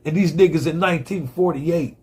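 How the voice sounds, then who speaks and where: A man's voice: on the high side, brisk, a little mellow, husky. A man giving a fiery, profane monologue full of rhetorical questions. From United States. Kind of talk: impassioned monologue.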